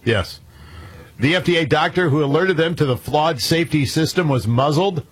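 Man, talk radio host, husky voice, reads items then banters. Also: fairly high pitch, moderate pace. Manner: reads news items aloud, then chats.

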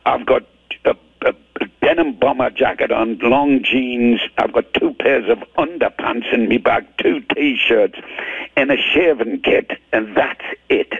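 Older geordie man, gravelly, husky, phone line. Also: mid-range voice, measured pace, no room sound. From Newcastle, England. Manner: chatty, self-deprecating, many restarts. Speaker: rock singer, guest. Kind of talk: casual storytelling interview. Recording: tinny phone-line radio interview.

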